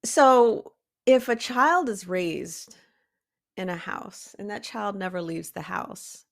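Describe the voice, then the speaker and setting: A woman hosting a motivational talk for artists, preachy and emphatic, with sudden high rises on key words. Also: gravelly. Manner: emphatic and preachy, calls listeners "baby cakes". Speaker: art coach and podcast host.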